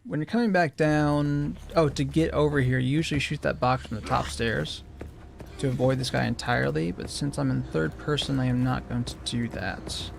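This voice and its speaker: A man's voice: mid-range voice, moderate pace, creaky, a little hiss or hum. A man giving casual commentary while practicing a game speedrun, thinking aloud, repeating phrases and correcting himself as he plays. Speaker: speedrunner streamer.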